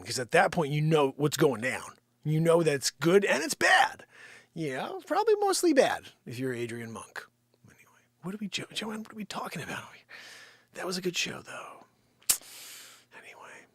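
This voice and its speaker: A man's voice: sits high, gravelly, a bit bright, no room sound, studio quality. A man hosting a live stream, rambling through an improvised comic monologue, bickering with an off-screen partner and dropping into muttered, whispered asides.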